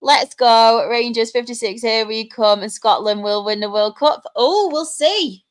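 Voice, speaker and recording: Woman, fairly high voice, casual live stream chat, laughs a lot. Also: moderate pace. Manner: chatty, laughs often, greets viewers by name.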